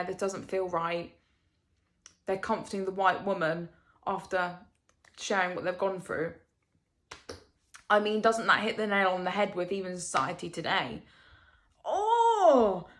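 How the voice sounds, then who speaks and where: A young woman talks straight to her camera at home, reacting to a book she just finished. She rambles, circles back, and tosses out rhetorical questions, her voice sitting at an ordinary middle pitch and catching with feeling. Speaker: book vlogger. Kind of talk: casual rambling book review.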